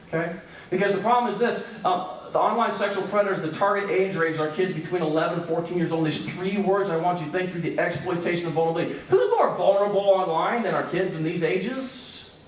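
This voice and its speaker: Man giving a church talk in a booming echoey hall. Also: fast talker, recorded from a distance. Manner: storytelling, animated then quiet and grave. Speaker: speaker at a church breakout session. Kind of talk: earnest church seminar talk.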